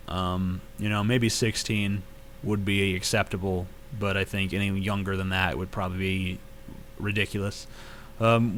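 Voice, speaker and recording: A man's voice: on the low side, sharp tone. A man in his late twenties answering viewer questions in a casual vlog, blunt and profane, ranting at times. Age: late 20s.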